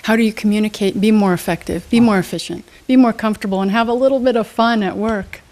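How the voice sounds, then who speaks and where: A woman's darkish, mid-range voice comes through fast. She's being interviewed in a studio as a motivational speaker and trainer, responding forcefully like a teacher and quizzing the audience.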